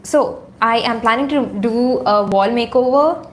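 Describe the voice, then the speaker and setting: Woman from India, YouTuber, casual live chat on a tripod camera, slightly higher voice. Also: a little slow, a little hiss or hum. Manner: chatty, reads viewer comments aloud, many fillers. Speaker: YouTuber on a livestream. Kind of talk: casual livestream chat with viewers. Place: her room at home. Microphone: phone or camera on a tripod.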